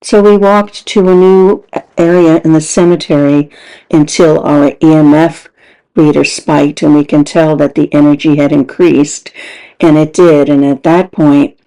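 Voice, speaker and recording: Female host, slightly low pitch, earnest and reflective voice-over narrator. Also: warm tone, rough recording. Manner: earnest, contemplative. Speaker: paranormal investigator host.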